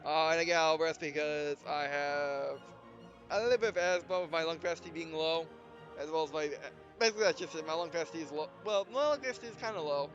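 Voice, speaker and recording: A young man hosting a let's play, out of breath and rambling with halting restarts as he talks through a game. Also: on the high side, a bit bright. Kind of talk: casual gameplay commentary. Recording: dull lo-fi mic with faint game music.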